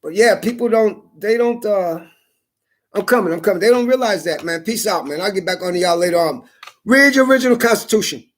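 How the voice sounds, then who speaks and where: A man's voice: sits high, a little fast. A man rambling in a casual monologue, cursing often and repeating words as he goes. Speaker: vlogger.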